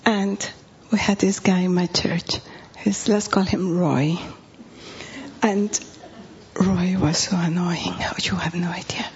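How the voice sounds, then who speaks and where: A woman's voice: lowish voice, steady tone, slow, a little mellow, slight background noise. A woman pastor preaching with humorous, confessional stories, often dropping to a whisper. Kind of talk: sermon storytelling. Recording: dull lo-fi recording.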